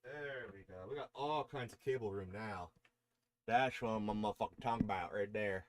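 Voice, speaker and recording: A male streamer sets up gear on camera, chatting casually with viewers and swearing freely as he works, at a moderate pace with no room sound. He switches to a high baby-talk voice for his cat.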